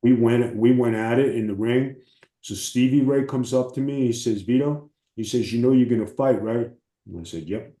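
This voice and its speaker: A man, a former wrestler, telling profane, animated stories as an interview guest. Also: mid-range voice, normal speed, echoey room. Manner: animated, profane storytelling with acted quotes. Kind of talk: casual storytelling.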